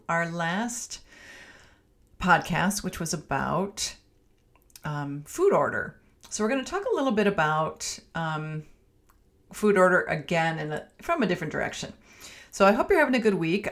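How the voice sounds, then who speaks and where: Chatty Minnesotan woman podcast host. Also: lowish voice. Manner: chatty, homey, with many ums and restarts. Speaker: podcast host and family physician. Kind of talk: casual solo podcast talk.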